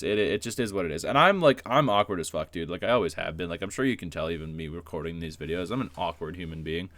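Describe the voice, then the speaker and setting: A man's voice: low-pitched, a bit bright, no room sound. A man telling a personal story in a casual vlog, rambling with lots of fillers and swearing, self-deprecating. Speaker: YouTuber.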